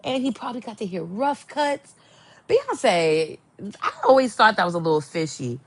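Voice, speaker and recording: A young adult woman hosting a podcast, chatting casually and gossiping with animated, swooping exclamations. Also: medium pitch, normal speed, husky. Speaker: podcast host. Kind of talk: casual chat.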